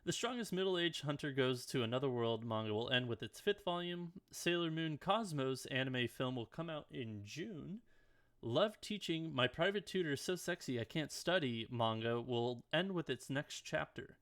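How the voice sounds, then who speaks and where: A man's voice: medium pitch, expressive, a bit bright. Casual man reading anime news. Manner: rapid headline reading with swearing asides. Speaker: podcast co-host reading news. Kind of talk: casual podcast chat. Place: home, dog at his chair.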